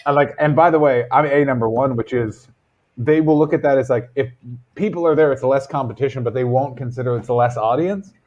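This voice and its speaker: A man rambles through loose, swear-heavy comedian chat on a stream. His voice sits at an ordinary middle pitch. The audio is dull and lo-fi, like a muffled stream capture. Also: fairly quick, a little mellow. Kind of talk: casual chat.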